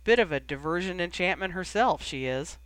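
A man's voice: sits high, lively intonation, normal speed, a bit bright, dry recording. A man voicing a cheerful young male dragon keeper, breezy and teasing in his talk.

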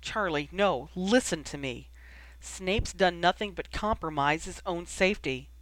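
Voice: animated, measured pace, a bit bright, no echo, low-quality recording. A reader voicing a protective older brother, a young man who talks in an earnest, reassuring way. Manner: earnest, reassuring, low muttering.

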